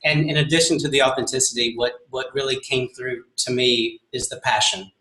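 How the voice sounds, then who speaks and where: A man co-hosting a podcast, speaking in a measured, sincere way. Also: medium pitch, fairly even intonation, sharp tone, echoey room, poor audio. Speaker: podcast co-host. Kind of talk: casual podcast chat.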